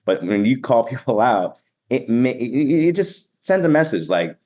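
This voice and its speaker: A man's voice: lowish voice, expressive, a little fast, a little mellow. A man with a Boston accent, an event emcee speaking energetically and sometimes bluntly in a casual podcast interview.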